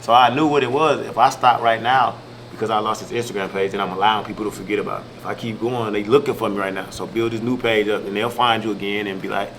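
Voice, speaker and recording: Young male comedian from Milwaukee, relaxed slangy storyteller, talks fast, noisy ambience behind. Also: fairly low pitch. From Milwaukee, Wisconsin. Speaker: comedian and social media creator. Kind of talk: casual interview chat.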